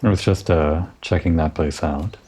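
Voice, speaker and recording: A man giving relaxed, musing commentary over a game playthrough, thinking aloud and talking to the character he plays. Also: a bass voice, moderate pace, husky. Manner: musing, talks to himself and the character. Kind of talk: relaxed let's-play commentary.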